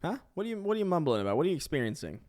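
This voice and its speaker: A young man chatting casually while gaming on stream, thinking out loud in a chatty way. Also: on the high side, sing-song, very fast.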